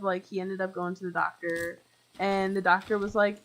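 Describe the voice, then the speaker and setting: A woman's voice: medium pitch, fairly even intonation, normal speed, a bit bright, poor audio. A young woman live streaming a game, rambling chattily with lots of fillers and talking straight to her viewers. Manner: talks to chat viewers directly. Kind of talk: casual chat while playing.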